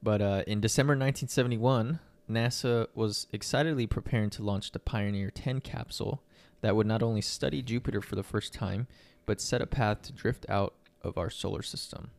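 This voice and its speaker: Young guy on a podcast, lowish voice, laid back and rambly. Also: fairly quick, vocal fry, few pauses, dry recording. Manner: relaxed, rambling with fillers. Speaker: podcast co-host. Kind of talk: casual chat, reading news articles.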